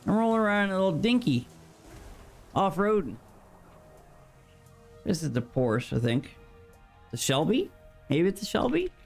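A man giving casual, excitable, profane gameplay commentary to himself from a small room at his computer. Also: high-pitched, normal speed, gravelly, pauses often, faint music behind. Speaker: gamer.

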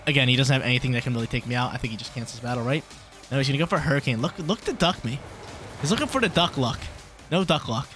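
A man commentating his own competitive video game match in a casual, slangy way, breaking into loud yelps when luck turns against him. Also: medium pitch, fast, faint music behind. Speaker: gaming YouTuber.

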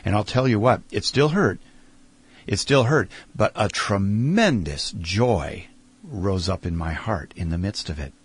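A middle-aged man speaking earnestly in an interview, sharing a heartfelt story about faith and slowing down for emphasis. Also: on the low side, expressive, slightly rough, no echo.

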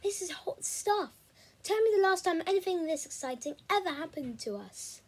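A woman voicing a bossy, excitable young boy who talks urgently and conspiratorially in a storybook reading. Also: extremely high pitch, moderate pace, voice pushed up. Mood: eager. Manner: urgent, conspiratorial, drops to a whisper. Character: bossy young teen boy, eager schemer.

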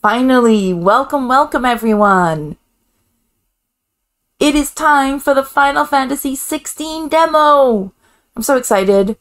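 A woman hosting a casual game reaction video, chatty and excitable, laughing often. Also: high voice, slow pace. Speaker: gaming channel host.

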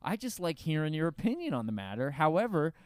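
A man's voice: on the high side, sing-song, quick pace, no room sound, clean studio sound. A man co-hosting a casual podcast, upbeat and jokey, quizzing his co-host. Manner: upbeat, jokey, asks questions.

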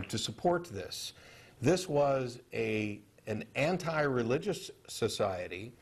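A man with a fairly low voice co-hosts a cable access TV discussion. He talks carefully and haltingly, pausing on "um" and restarting his sentences as he works through a point in the studio. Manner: measured, halting, many fillers and restarts. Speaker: TV show co-host.

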